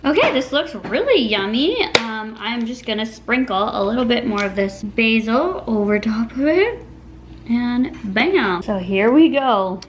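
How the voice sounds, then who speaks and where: Woman vlogger, slightly high voice, bubbly and giggly, cooking and chatting at home. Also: animated, unhurried, slight background noise. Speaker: food vlogger. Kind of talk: casual chatty vlog. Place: home kitchen.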